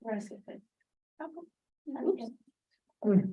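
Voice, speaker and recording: A woman teaching a phonics lesson in a classroom, briskly prompting students with questions and quick praise. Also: dark tone, muffled recording. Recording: distant classroom mic.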